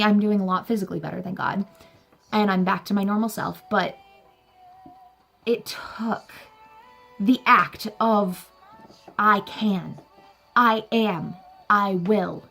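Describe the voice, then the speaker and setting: Young woman vlogger, earnest and encouraging, gravelly fry in her voice, soft music underneath. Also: mid-range voice. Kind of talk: heartfelt personal talk to camera.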